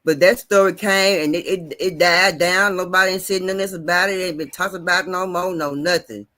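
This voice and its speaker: High, bright-voiced male host. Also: brisk. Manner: animated, repeats himself, emphatic. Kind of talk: casual chat.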